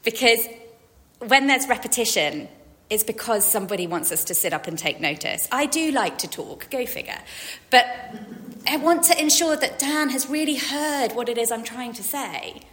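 Woman, forties, chatty sermon, bright voice, long hall reverb. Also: a little high, expressive, moderate pace. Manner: chatty, self-deprecating, acts out quotes. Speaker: preacher.

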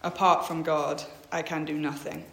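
A young woman tells her faith story in a flat, level voice, pausing often and filling gaps with ums. She reads verses aloud between her own thoughts. The room around her gives a clear echo. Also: deep voice, a little hiss or hum. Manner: hesitant, many ums, reads out Bible verses. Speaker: speaker sharing a faith testimony. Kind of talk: personal faith testimony. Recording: echoey room.

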